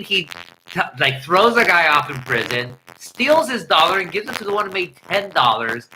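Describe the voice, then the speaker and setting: A man hosting a livestream, ranting in an animated, profane way into a headset mic. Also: high-pitched, slight background noise, poor audio. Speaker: livestream host. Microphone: headset earpiece mic.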